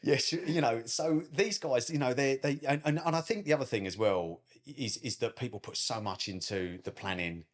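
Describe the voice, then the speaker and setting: A man's voice: medium pitch, expressive, normal speed, hardly any pauses. A man with a British English accent, a wedding photographer chatting casually on a podcast, cheeky and talkative, calling everyone "mate".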